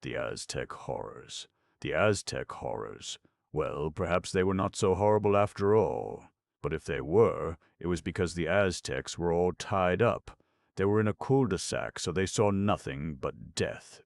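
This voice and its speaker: A man's voice: low voice, animated, unhurried, gravelly, heavily acted. A man playing a gushing young mystic with a French accent. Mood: rhapsodic. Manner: intense, gushing, rhapsodic. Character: pale, excitable young man, rapturous mystic.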